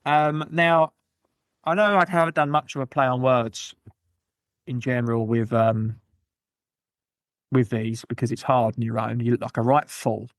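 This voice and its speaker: A man hosting a gaming podcast on his own, rambling through shout-outs and jokey, self-mocking asides. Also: mid-range voice, fairly even intonation, a little slow, long pauses, no room sound, studio quality. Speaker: podcast host. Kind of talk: solo gaming podcast chat.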